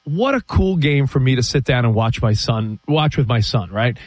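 A middle-aged man from the US East Coast co-hosting a casual sports talk show, telling animated stories and laughing easily. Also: mid-range voice, no room sound. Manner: animated, storytelling, quick to laugh.

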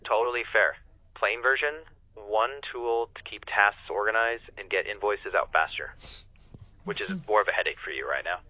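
A male-sounding AI phone agent giving upbeat, polite, scripted customer service replies in a smooth sales tone over a dull lo-fi line. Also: on the low side, moderate pace, dry recording.

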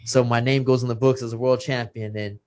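A man's voice: mid-range voice, level tone, fairly quick, a little mellow. A man in his thirties from Texas speaks with heartfelt feeling. His voice sits in the middle of the male range, and he acts out the words of others as he tells his own story. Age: 30s. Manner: heartfelt, acts out quoted dialogue. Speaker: guest, retired boxer. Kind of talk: emotional personal storytelling.

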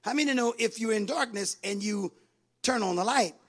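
A man preaching a sermon, calling out to the congregation and rising from quiet talk to sing-song shouting. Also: sits high, normal speed. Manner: call-and-response with congregation.

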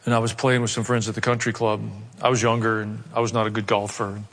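A pastor preaching a sermon, emphatic and conversational, repeating key phrases. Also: male voice, on the low side, level tone, fast talker, a bit bright. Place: large church hall. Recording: long hall reverb.

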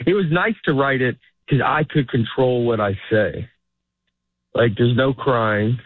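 A man's voice: medium pitch, unhurried, no room sound. Rambling comedian man on a tinny line. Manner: rambling, self-interrupting, laughs often. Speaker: stand-up comedian, guest. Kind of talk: casual interview chat. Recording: phone-like narrow line, dry.

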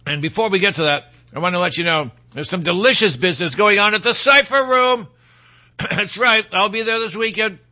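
Bright, high-voiced Michigan talk host. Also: male voice, moderate pace. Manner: rambling, opinionated, folksy asides. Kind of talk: casual political talk show.

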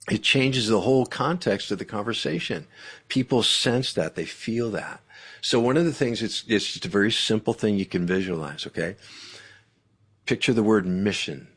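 A fairly low-voiced man talking as a guest author in a faith-based interview. His delivery is animated and emphatic, with a preacherly push behind his points.

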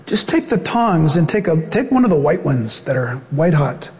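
A man pastor preaching a sermon to his congregation, shifting from animated, fast-paced bursts to slow, solemn prayer. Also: on the high side, big-room sound. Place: church sanctuary.

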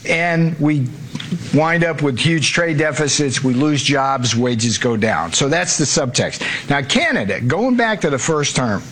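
Blunt combative official. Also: male voice, on the high side, animated, measured pace, fairly bright tone, a little hiss or hum. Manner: blunt, combative, repeats himself. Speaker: trade official in archival clip. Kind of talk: interview clip.

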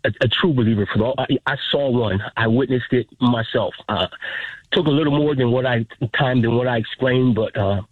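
A middle-aged man phones in to a radio show. He tells his story in a husky, halting voice that keeps repeating itself, and the tinny, dry phone line flattens his words. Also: medium pitch, dry recording. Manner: halting, choked up, repeats himself. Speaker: caller. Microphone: telephone.

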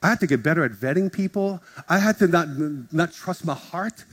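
A man's voice: a little high, a little fast, slightly rough. A male pastor preaching a sermon, telling stories in a casual, joking way and acting out conversations in different voices. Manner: animated, acts out dialogue in shifting voices. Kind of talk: sermon storytelling. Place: church service in front of a congregation. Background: guitar music from the worship team.

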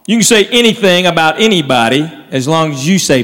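A man's voice: fairly high pitch, animated, a little fast, noisy background. A man telling stand-up comedy stories to a live audience. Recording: hall reverb with faint crowd.

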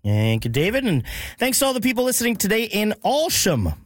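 Lively chatty male radio host. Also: high voice, fairly quick, no echo, clean studio sound. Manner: chatty, with many fillers. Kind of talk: casual radio chat. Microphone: studio microphone.

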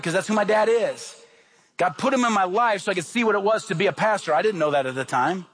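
Male pastor, high voice, emphatic sermon delivery with rhetorical questions and repetition. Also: fast, a bit bright.

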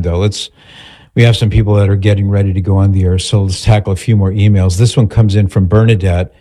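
A man's voice: on the low side, warm tone. A male radio host leading a prayer and chatting casually with listeners on a call-in show. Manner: chatty, playful, leads prayer. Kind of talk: live call-in radio talk.

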